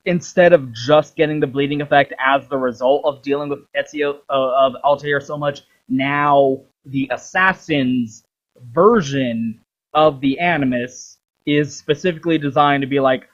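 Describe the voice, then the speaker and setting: A young man with a mid-range voice hosts a rambling video about games, talking a little slowly. He swears freely and acts out the lines he quotes, and the audio has its highs cut off.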